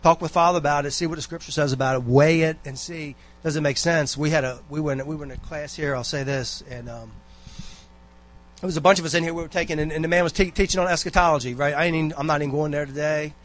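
A man's voice: on the high side, fairly even intonation, fast talker, slight background noise. A man giving a rambling, folksy exhortation to a church congregation, full of asides and personal stories. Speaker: church member giving a talk.

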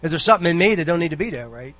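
A man's voice: on the high side, expressive, racing, fairly bright tone. A man giving a rambling, folksy exhortation to a church congregation, full of asides and personal stories. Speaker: church member giving a talk.

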